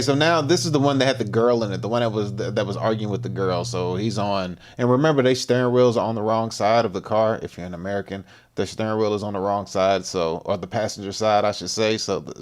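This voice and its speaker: A man hosting a livestream who reacts to a clip with laid-back slang and plain agreement. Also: fairly low pitch. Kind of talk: casual reaction commentary.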